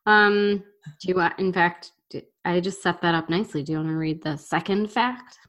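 A woman's voice: lowish voice, moderate pace, a bit bright. A woman co-hosting a podcast in casual chat, enthusiastic and chatty, often restarting her sentences. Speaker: podcast co-host.

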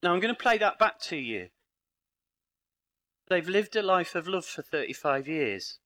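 A man's voice: high voice, big pitch swings, measured pace, bright, forceful tone. A middle-aged British man speaking at a live conference in a parish hall, telling stories with dry humour and acting out the dialogue. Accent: British English. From Britain. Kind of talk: lively live conference talk.

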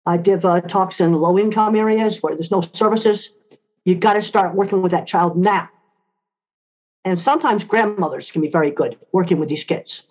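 A woman's voice: medium pitch, darkish tone. An older woman answering interview questions in a blunt, emphatic way, repeating key points. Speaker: interview guest. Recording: slightly dull lo-fi sound.

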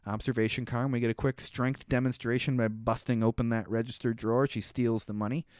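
A man's voice: mid-range voice, little pitch movement, brisk, darkish tone, smooth, dry recording, clean studio sound. A man co-hosting a casual movie review podcast, laughing often and acting out quotes in silly voices. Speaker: podcast co-host.

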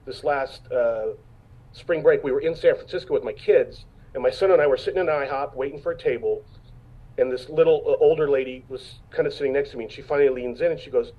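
Husky fifty-something man telling stories. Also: medium pitch, fast, dull audio. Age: 50s. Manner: storytelling, acts out quotes, frequent restarts. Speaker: actor guest. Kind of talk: casual interview chat.

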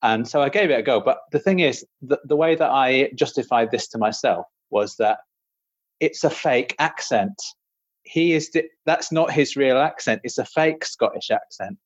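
A man's voice: medium pitch, moderate pace, no room sound, dull audio. A man, a podcast host and audiobook narrator, chatting casually in a rambling, self-deprecating way with frequent laughs. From Britain.

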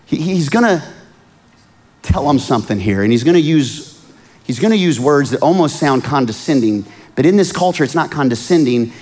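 A man preaching a sermon, swinging from hushed, earnest lines to loud pleading outbursts. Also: fairly high pitch. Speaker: pastor.

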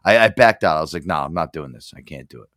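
Man ranting on air, lively pitch. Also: fast talker, no room sound, studio quality. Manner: profane, rambling storyteller with many restarts. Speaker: radio show host. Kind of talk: casual on-air rant.

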